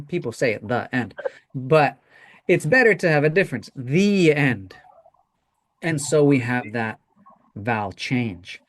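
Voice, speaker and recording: A teacher leading a classroom pronunciation lesson, modeling words slowly and checking in with "right?" often. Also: medium pitch.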